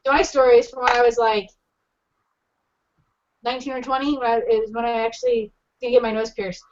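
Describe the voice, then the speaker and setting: A woman co-hosting a casual podcast tells a crude story, animated and quick to laugh. Her voice sits high, and the recording sounds dull and lo-fi. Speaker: podcast co-host.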